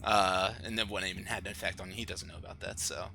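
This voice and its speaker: A man's voice: deep voice, level tone, quick pace, vocal fry, pushed and bright, a little hiss or hum. A man narrating as dungeon master in a live tabletop game, describing the action in an easygoing way and laughing often. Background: background music.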